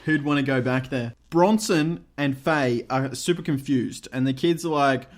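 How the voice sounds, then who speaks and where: A man's voice: medium pitch, measured pace. A man co-hosting a podcast, teasing and dry, recapping a TV episode in casual chat. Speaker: podcast co-host.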